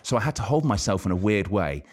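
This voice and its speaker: A man's voice: lowish voice, very animated, fast. A man co-hosting a podcast, telling a story with energy and quizzing a guest in casual chat. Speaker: podcast co-host.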